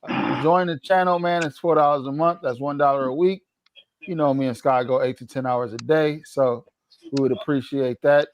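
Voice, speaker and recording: A man co-hosting a casual livestream chat, talking in a loose, slangy way with drawn-out asides. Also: medium pitch, steady tone, low-quality recording. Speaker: co-host.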